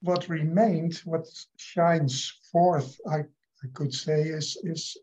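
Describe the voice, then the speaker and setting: A man's voice: a little high, fairly even intonation, takes it slowly, darkish tone. A man on a video call, speaking hesitantly and repeating words as he describes an inner experience. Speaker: participant. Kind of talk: casual spiritual conversation over video call.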